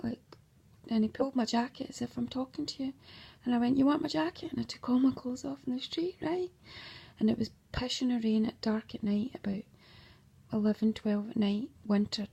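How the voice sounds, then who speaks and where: A woman telling a rambling, emotional personal monologue, swearing heavily and sometimes dropping to a hushed whisper. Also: a little high, gravelly, breathy edge. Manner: heavy swearing, agitated, emotional; drops into hushed whispery stretches. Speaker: mother.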